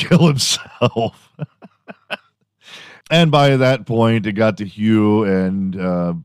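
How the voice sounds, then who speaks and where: Low-voiced man, rambling comic storyteller. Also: no echo, clean studio sound. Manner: profane, storytelling, laughs often. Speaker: podcast host. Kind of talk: rambling comedic monologue.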